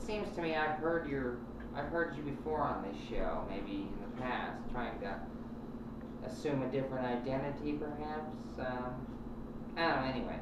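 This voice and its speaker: A gruff, paranoid talk-radio host, played by a woman who rambles sarcastically and lashes out at callers. The voice sits very low and lands from a distance in a strongly echoing room. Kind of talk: comic talk-radio rant. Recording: very echoey room, distant mic, noisy.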